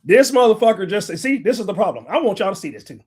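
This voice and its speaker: A man's voice: high-pitched, big pitch swings, fast, a little mellow, slightly rough. A middle-aged man hosting a livestream, lecturing and arguing with viewers in a combative, profane rant. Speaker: livestream host. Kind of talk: ranting livestream commentary.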